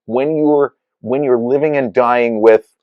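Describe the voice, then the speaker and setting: A man's voice: medium pitch, fairly even intonation, measured pace, no room sound, highs cut off. A man co-hosting a podcast in casual chat, talking in a rambling, reflective way. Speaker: podcast co-host.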